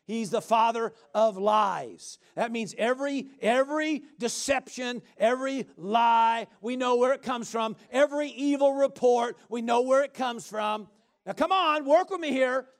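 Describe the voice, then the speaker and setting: A middle-aged man preaching a sermon, animated, calling out questions to the congregation and answering himself with shouts and laughter. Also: very high-pitched.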